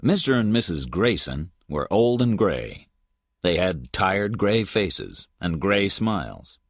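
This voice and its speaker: A man narrating a detective story in the first person, measured and steady, as a scripted audiobook read. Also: sits low, no room sound, studio quality.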